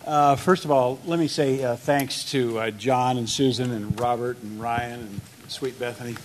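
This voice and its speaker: A man's voice: medium pitch, steady tone, a little hiss or hum. A man in his sixties, speaking earnestly and measuredly as he prays and tells his life story at a church marriage event. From United States. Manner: earnest, measured, with frequent uh fillers. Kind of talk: testimony and prayer.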